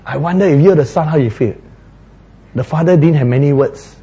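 A man preaching a sermon, retelling a parable with playful, animated storytelling and frequent laughter. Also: a little high, a little fast, slightly rough.

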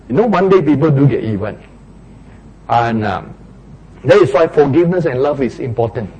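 A man's voice: medium pitch, big pitch swings, unhurried, pauses often, darkish tone, husky, low-quality recording. A man, preaching a sermon and acting out little street quarrels in raised voices.

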